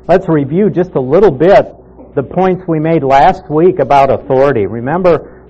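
A man leads a Bible study, first reading a passage and then explaining it step by step. His voice sits a little high but sounds mellow and relaxed. The recording is somewhat dull and lo-fi. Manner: steady, methodical teaching with reading aloud. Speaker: Bible teacher.

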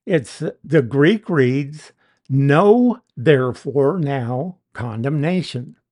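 A preacher teaches an expository Bible sermon in a medium-pitched, slightly mellow voice. The delivery is deliberate and emphatic, with heavy stress on key words.

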